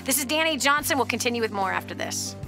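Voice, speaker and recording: A woman hosting a call-in radio talk show, animated and quick to laugh, acting out little voices as she tells stories. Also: a little high, over music.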